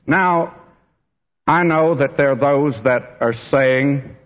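A man's voice: medium pitch, slow pace. A man preaching a sermon in a church, earnest and speaking straight to his listeners. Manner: earnest, addresses listeners directly as friend and beloved. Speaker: pastor. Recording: dull, echoey church hall recording.

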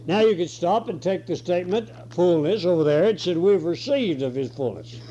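Guy preaching slow with a head cold, kinda high voice, muffled old recording. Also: expressive, mellow. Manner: slow, deliberate preaching with scripture reading and throat clearing. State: hoarse with a cold. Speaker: pastor. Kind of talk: sermon. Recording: dull lo-fi recording.

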